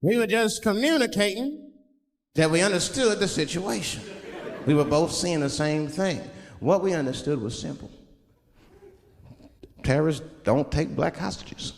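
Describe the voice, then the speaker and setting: A male stand-up comedian tells his stories in a loose, slangy, conversational way, with a lively, bouncing pitch that sits a little high. His voice carries a long reverb from a large performance hall. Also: a little slow, vocal fry, long pauses.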